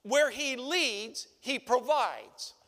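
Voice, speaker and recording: A male pastor with a strikingly high, bright voice preaches slowly and deliberately, leaning on rhetorical questions. His words ring out with the long reverb of a church hall. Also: lively intonation. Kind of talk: sermon. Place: church sanctuary.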